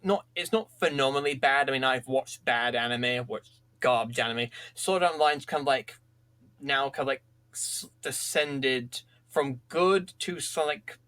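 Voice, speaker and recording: A man co-hosting a casual podcast chat, talking in a relaxed way, often restarting and hesitating. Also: medium pitch, normal speed. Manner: easygoing, hesitant, with many restarts. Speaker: podcast co-host.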